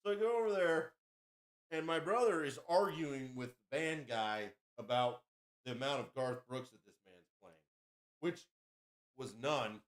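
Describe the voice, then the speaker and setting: A man's voice: medium pitch, lively intonation, normal speed. A man hosting a podcast, telling a rowdy story in a crude, boastful, casual way. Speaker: podcast host.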